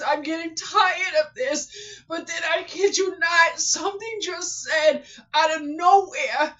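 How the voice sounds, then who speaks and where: A woman who runs a small online shop is speaking in an emotional vlog at home while crying. She repeats exclamations and swings between sobbing outbursts and hushed murmurs. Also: very high voice. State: tearful, crying. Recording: dull lo-fi recording.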